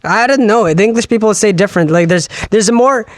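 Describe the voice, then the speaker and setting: A man co-hosting a podcast in casual chat, explaining at length and slowing down to spell out sounds. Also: high voice, no echo, studio quality. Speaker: podcast co-host.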